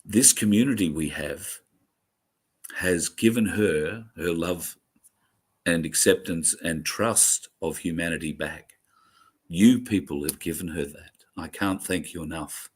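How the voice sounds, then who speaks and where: A man with a very low, deep voice thanks his audience. He speaks sincerely and emotionally. He stumbles through fillers and restarts as he goes. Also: husky. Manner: halting, many fillers and restarts. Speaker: host. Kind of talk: heartfelt sign-off to viewers.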